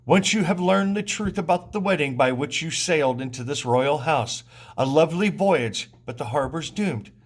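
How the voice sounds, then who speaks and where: Brief: stern elderly seer read by a male teacher, solemn warnings, a bit high-pitched. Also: lively intonation, normal speed. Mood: grave. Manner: grave, warning reading. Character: old blind male prophet, stern. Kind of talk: reading a play aloud.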